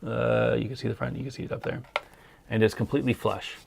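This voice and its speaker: Answering questions on his casual livestream, this man is relaxed yet hesitant, filling gaps with ums, and he sounds worn out and hoarse. The voice is medium-pitched, steady and fast, with vocal fry and background noise.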